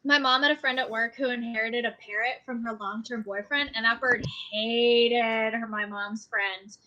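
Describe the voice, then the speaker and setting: A woman's voice: a little high, fairly even intonation, moderate pace, pushed and bright, highs cut off. A woman playing in an online tabletop game, chatting in an emphatic, playful, opinionated way. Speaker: player. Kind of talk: casual chat during a tabletop game.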